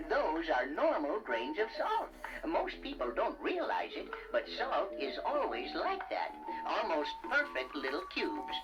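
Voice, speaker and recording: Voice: mid-range voice, huge pitch swings, slow, poor audio. Un inventor mayor y tartamudo. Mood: explaining. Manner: formal, stammering, giggly. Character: fussy, kindly older male inventor. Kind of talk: storybook cassette acting. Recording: loud music bed.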